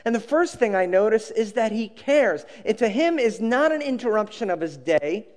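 A middle-aged male pastor delivers a sermon in an expressive storytelling manner. His pitch rises and falls in a lively way, and he drops to a near hush when he drives a point home. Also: moderate pace, in a large hall.

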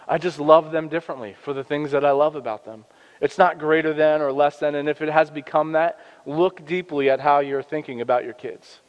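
A man in his thirties, a father who works in youth ministry, giving an earnest, conversational faith-based parenting talk with frequent restarts. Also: a little high. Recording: dull lo-fi sound with long reverb.

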